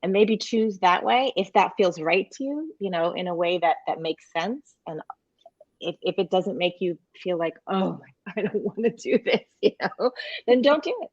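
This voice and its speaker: A woman's voice: fairly low pitch, expressive, moderate pace, no room sound, dull audio. A woman author on a panel giving encouraging advice, breaking into light laughs now and then. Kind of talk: casual panel chat.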